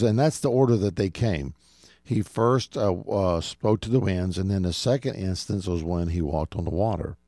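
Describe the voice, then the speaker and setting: A middle-aged radio host and preacher gives an earnest, direct radio sermon in a low, warm, mellow voice, often calling his listeners "folks." The sound is close and dry with no echo or room.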